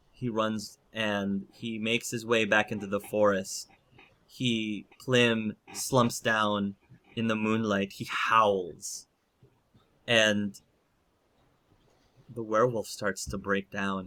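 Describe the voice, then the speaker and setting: A man narrating a tabletop role-playing game as game master, slow and halting, with many fillers. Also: lowish voice, bright, forceful tone.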